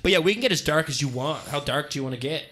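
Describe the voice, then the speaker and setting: A man's voice: a little high, expressive, racing, sharp tone. A young man co-hosting a casual podcast chat, laughing often and swearing casually. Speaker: podcast co-host.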